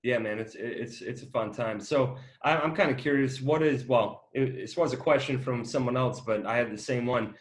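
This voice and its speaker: A man's voice: medium pitch, normal speed, few pauses. A man hosting an interview, asking long, wandering questions with many fillers in a friendly, casual way. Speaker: interview host, company co-founder.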